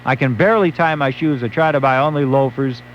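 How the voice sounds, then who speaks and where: On a dull, lo-fi AM radio recording with slight background noise, a male late-night talk show host tells a wry story and acts out the quotes. He speaks fairly quickly in a mid-range voice.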